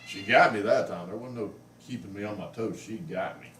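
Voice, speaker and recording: A man's voice: on the low side, a little fast, a bit bright. A man tells a rambling story at home and coos at his cat in a casual vlog. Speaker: pet vlogger. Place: living room at home. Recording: roomy, mic at a distance, faint noise.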